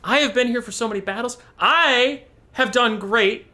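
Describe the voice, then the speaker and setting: A man putting on a high, huffy voice for an aggrieved male war mammoth, a big beast at the end of his patience. He complains in an indignant rant, pitched well above his normal speaking voice, with a bright, forceful edge. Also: normal speed, exaggerated voice.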